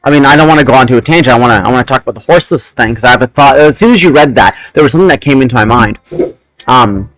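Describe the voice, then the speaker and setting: A man's voice: medium pitch, rapid-fire, no echo, low-quality recording. A man hosting a casual podcast chat, telling rambling stories about his childhood. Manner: animated, rambling storyteller. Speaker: podcast host.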